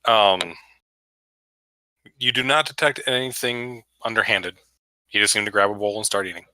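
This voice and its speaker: A man's voice: fairly low pitch, normal speed, sharp tone, a little hiss or hum, rough recording. A man running a tabletop game over voice chat, giving plain, matter-of-fact rulings to players. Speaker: game master. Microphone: computer mic over online voice chat.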